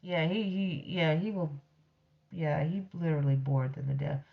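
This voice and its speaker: A woman's voice: sits low, fairly even intonation, moderate pace, creaky, phone-quality sound. A woman telling a personal story in a blunt, profane, ranting way, casually addressing her audience. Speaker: storyteller host.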